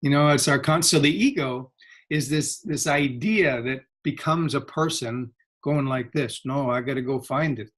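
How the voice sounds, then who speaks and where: A man explaining spiritual ideas as an interview guest, reflective and animated, often laughing. His voice is husky and sits at a middle pitch.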